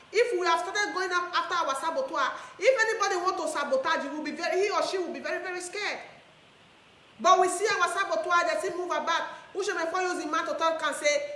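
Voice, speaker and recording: A woman's voice: sits high, sharp tone, roomy sound, a little hiss or hum. A Nigerian woman delivering an impassioned monologue to camera, switching between Pidgin and English and repeating phrases for emphasis. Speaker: online activist speaker.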